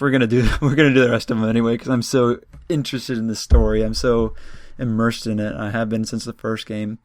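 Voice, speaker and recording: In clean, dry studio sound, a medium-pitched man chats to his viewers while playing a story game. This let's play gamer is talkative, reads the game text aloud, and comments casually as he goes.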